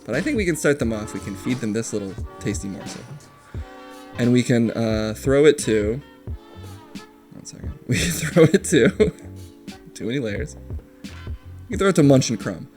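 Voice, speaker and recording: A man hosting a livestream, giving quick, sardonic comedic commentary. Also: medium pitch, expressive, a little mellow, soft background music. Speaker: streamer host.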